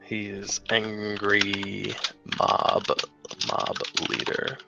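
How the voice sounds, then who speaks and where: A man's voice: lowish voice, monotone, drawn-out words, vocal fry, muffled recording, loud music behind the voice. A man playing a tabletop game and describing his character's actions casually. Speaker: player.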